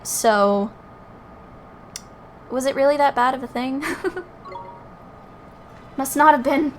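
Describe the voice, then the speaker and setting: A woman's voice: high voice, slow pace, slight background noise, rough recording. A young woman streamer chatting casually while gaming, swearing freely and saying "like" a lot. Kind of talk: casual chat while playing a game.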